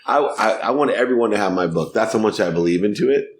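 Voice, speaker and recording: A middle-aged man telling animated stories as a guest on a podcast interview. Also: lowish voice, fast talker, slight background noise. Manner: animated, laughing storyteller. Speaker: guest, sports marketing executive.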